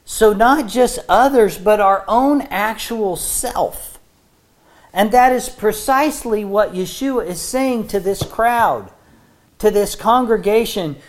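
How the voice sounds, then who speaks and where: A woman preaching a sermon to a congregation in an earnest, conversational way, often repeating words as she restarts a thought. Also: medium pitch.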